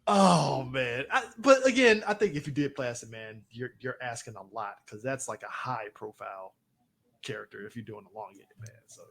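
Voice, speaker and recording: This man co-hosts a casual comic-book podcast, rambling through stories and acting out what people said. His voice sits at medium pitch with lively intonation, a creaky, fairly bright tone, and normal speed.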